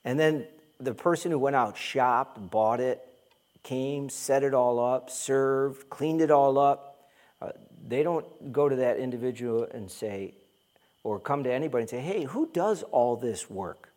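A man's voice: mid-range voice, a little slow, darkish tone. A man preaching a conversational sermon as pastor, joking and mimicking complaining churchgoers.

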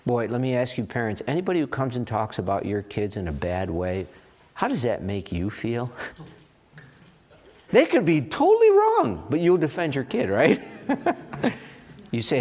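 A man preaching a sermon as pastor, animated and expressive, voicing little asides and firing rhetorical questions. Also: medium pitch, normal speed, pauses often.

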